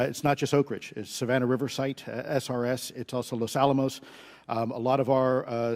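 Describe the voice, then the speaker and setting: A man's voice: mid-range voice, a little mellow, in a large hall. A man testifying as an expert witness at a hearing, confident and deferential. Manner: confident, deferential, says sir.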